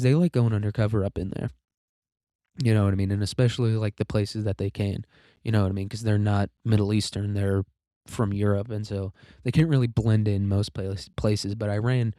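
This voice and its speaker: A man with a low, dark, mellow voice runs a sarcastic, profane, rambling commentary monologue. He sounds slightly congested and coughs now and then. The sound is close and dry. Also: dry recording. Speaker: podcast host. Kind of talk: casual political commentary monologue.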